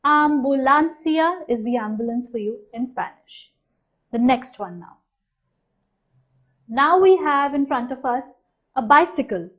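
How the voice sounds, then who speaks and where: A woman teaching a language lesson, saying each new word slowly and clearly and then repeating it. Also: high voice. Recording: dull, slightly lo-fi sound.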